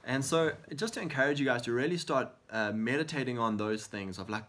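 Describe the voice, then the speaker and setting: A man's voice: mid-range voice, a little fast, few pauses, fairly bright tone. Earnest man giving Christian encouragement. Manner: earnest and encouraging, often acts out prayers in quotes. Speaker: co-host of a faith talk show.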